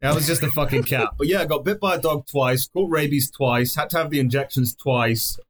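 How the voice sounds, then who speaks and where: A man's voice: a little high, brisk. A young man from Mexico chatting casually on a podcast, swearing constantly as he tells rambling travel stories.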